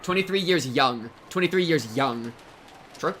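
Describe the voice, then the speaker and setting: A man in his twenties chatting casually with his stream chat, excitable and jokey, breaking into loud yelps and shouts. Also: fairly high pitch, a little slow, slight background noise. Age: 20s.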